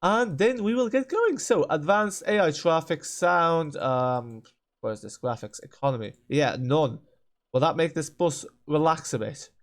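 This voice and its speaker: A man's voice: fairly high pitch, animated, measured pace. A man hosting a game channel, ranting in exasperation at a buggy simulator, stammering and repeating himself. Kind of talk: ranting gameplay commentary.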